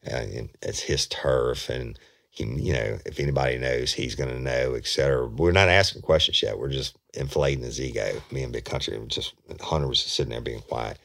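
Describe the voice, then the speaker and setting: A man's voice: extremely low pitch, a little fast, vocal fry, a bit bright. A middle-aged man, a former investigator telling a true crime story in a casual, profane, rambling way. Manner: profane, repetitive, conversational. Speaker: podcast host and former police investigator.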